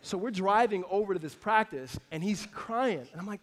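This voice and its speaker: A man in his thirties, a pastor giving a sermon in a conversational way that moves between emphatic lines and hushed ones. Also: high-pitched, animated, normal speed.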